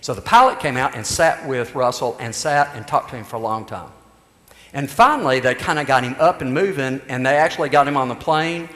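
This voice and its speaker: A male pastor tells a story from the pulpit, stopping and restarting his sentences as he goes. His voice sits at an ordinary pitch. It rings through a church hall with a long, roomy reverb. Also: lively intonation, brisk, a bit bright. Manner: storytelling with frequent restarts and asides. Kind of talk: sermon.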